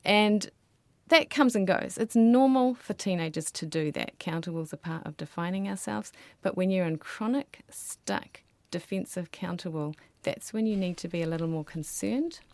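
A woman's voice: lowish voice, no echo. A woman speaking as a guest expert on raising children, explaining earnestly in an interview. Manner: earnest, explanatory, softens into quiet voices when quoting parents. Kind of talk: interview answers.

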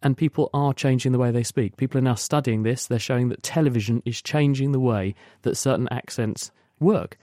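A man's voice: mid-range voice, fairly quick, hardly any pauses, mellow, no echo, studio quality. A man explaining science on a radio call-in show, patiently and at length. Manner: explains patiently in long spoken sentences with restarts. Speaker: science expert guest.

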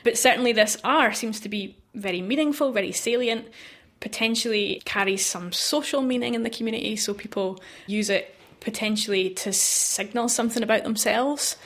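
A woman's voice: a little high, normal speed, a bit bright. An American woman, a linguistics researcher, explains her work patiently in a radio interview and laughs lightly between points.

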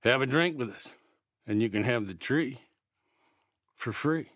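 A man's voice: medium pitch, animated, unhurried, a bit bright, dry recording, clean studio sound. A man voicing a drunk, bearded man in his thirties who leers and mocks with sneering swagger. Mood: leering.

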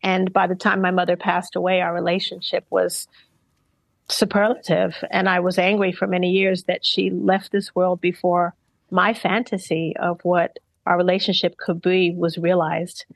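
A woman's voice: lowish voice, level tone, gravelly, no room sound, low-quality recording. Earnest middle-aged woman, dry studio sound. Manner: thoughtful, earnest, measured. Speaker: interviewed singer. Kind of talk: reflective interview talk.

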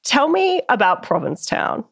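A woman interviewer asking an author calm, measured questions. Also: high voice, husky, dry recording, clean studio sound.

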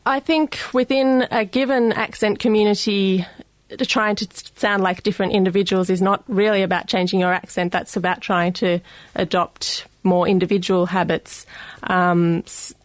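A woman's voice: medium pitch, flat delivery, moderate pace, no room sound. A woman with an Australian accent, a guest on a radio science show, explaining carefully with many ums. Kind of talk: radio studio interview. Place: radio studio.

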